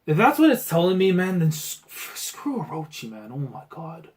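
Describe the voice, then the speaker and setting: A man with a slightly high voice reacts live as he reads a comic chapter aloud. His talk is casual and full of slang, and it swings between grumbling under his breath and excited shouts. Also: normal speed. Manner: casual slangy talk, keeps saying bro. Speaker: manga reaction channel host.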